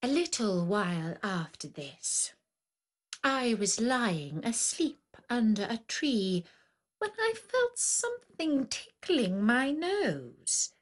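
A woman's voice: on the high side, big pitch swings, slow pace, full character voice. A woman playing a proud lion queen. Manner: haughty, stately storytelling. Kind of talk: storybook narration in character.

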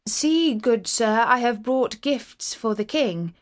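A woman's voice: a little high, expressive, takes it slowly. A woman voicing a poor, humble medieval knight who speaks politely and pleadingly.

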